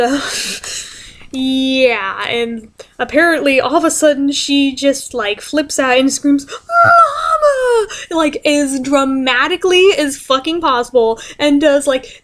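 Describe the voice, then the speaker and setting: Young woman vlogger, high voice, casual, exasperated, salty language. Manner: chatty, exasperated, swears freely. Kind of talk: casual storytelling vlog.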